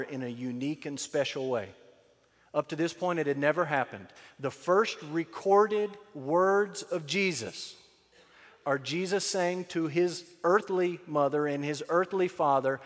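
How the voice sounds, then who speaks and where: Male pastor, sermon, emphatic storytelling, fairly high voice, long hall reverb. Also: unhurried. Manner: emphatic, storytelling, drops to a low earnest tone for key points.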